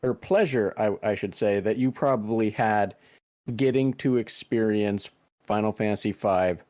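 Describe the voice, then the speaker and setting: A male podcast host replying in a hesitant, halting way with many pauses and "um"s. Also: fairly low pitch, a little mellow. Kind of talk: casual interview chat.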